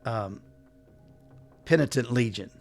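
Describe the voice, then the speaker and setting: Stern ghost judge, formal and slow; a game master plays him, faint music behind. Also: male voice, mid-range voice, expressive, creaky.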